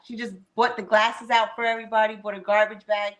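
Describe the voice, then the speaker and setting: A woman guest on a video call podcast, chatty and quick to laugh as she tells an anecdote. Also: a little high, little pitch movement, fairly bright tone. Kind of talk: casual storytelling.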